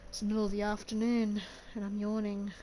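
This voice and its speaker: A woman's voice: mid-range voice, completely flat delivery, brisk, mellow. A woman streamer chatting casually while she plays, giggling and coaxing her catch along. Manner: chatty, giggly, talks to the game. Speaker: gaming streamer. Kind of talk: casual gameplay commentary. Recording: noisy game audio behind.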